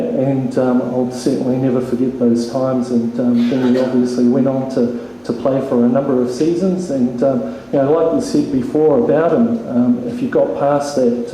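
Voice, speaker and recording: A man's voice: mid-range voice, warm tone. Hesitant New man, echoey hall. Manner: hesitant, many ums and uhs, joking. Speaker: eulogy speaker at a funeral. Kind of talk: informal spoken eulogy. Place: funeral hall. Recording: very echoey hall, faint noise.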